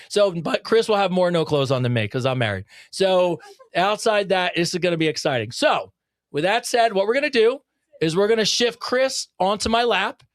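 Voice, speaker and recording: A podcast co-host with a notably high voice rambles excitedly, swears freely, and often breaks into laughter between thoughts. The recording is dry and close, with no room sound at all.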